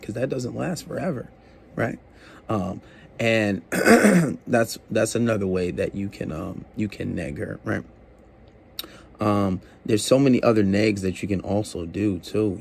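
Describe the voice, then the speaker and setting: A man's voice: fairly low pitch, vocal fry, darkish tone, a little hiss or hum. A man giving casual dating advice to camera, rambling with many fillers and acting out both sides of conversations.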